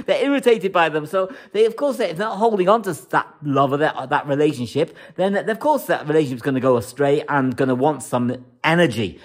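An astrologer talks through a forecast in a casual, rambling monologue with a medium-pitched voice. She is emphatic, repeating words to stress them.

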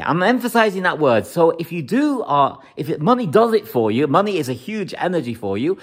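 Astrologer, casual monologue, emphatic, repeats words, very lively pitch. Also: fairly quick, few pauses, slightly rough.

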